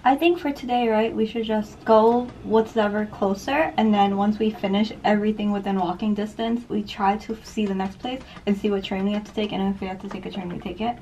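A woman's voice: medium pitch, steady tone, a little fast, hardly any pauses, warm tone, slight background noise. A young woman chatting casually as a travel vlogger, upbeat and narrating her day. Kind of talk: casual vlog chat. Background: music bed.

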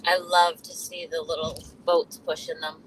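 A woman's voice: fairly low pitch, level tone, normal speed, crowd noise, low-quality recording. A woman, playful and laughing in a casual group chat.

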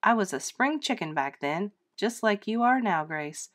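An elderly grandmother full of good humor and easy amusement. A woman reading aloud voices her a little louder and higher than her narration, in a hearty, unhurried manner. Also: lively intonation, natural voice. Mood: amused.

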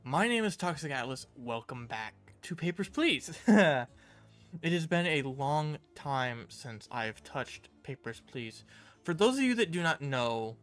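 A young man playing a game on camera as a YouTuber, animated and barking orders at the characters. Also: mid-range voice. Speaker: gaming YouTuber.

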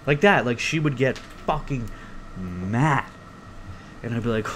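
A young man hosting his own podcast alone, rambling through stories in a casual, profane, animated way. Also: mid-range voice, a little slow, long pauses, a little hiss or hum. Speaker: podcast host. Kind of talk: casual solo podcast rant. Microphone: close podcast mic.

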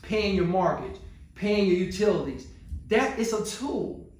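A man's voice: high voice, animated, unhurried, a little mellow. A male pastor preaching a sermon, asking the congregation rhetorical questions in a call-and-response style. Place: church. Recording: very echoey church room.

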